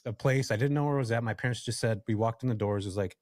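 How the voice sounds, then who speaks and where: A man from California, a podcast guest, telling a story from his working life in a casual, animated way and addressing the listeners directly. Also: mid-range voice, very fast, dry recording, clean studio sound. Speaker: podcast guest, real estate investor.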